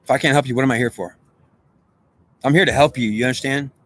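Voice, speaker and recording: A man with a steady, mid-range voice talks fast through a rambling spiritual monologue on a low-quality recording. He insistently repeats himself, often asking "do you understand," with frequent restarts and stammered repeats.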